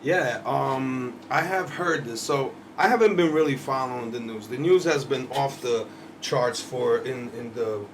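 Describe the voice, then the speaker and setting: A podcast co-host with a mid-range voice and measured pace rants heatedly in casual, profane chat, laughing often. The mic is distant, with faint background noise.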